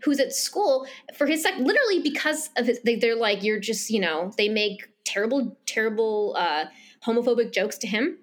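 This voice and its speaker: Higher-pitched woman recapping a book. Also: expressive, moderate pace. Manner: recaps scenes with quoted dialogue, laughs often. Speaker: podcast co-host. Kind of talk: casual book-club chat.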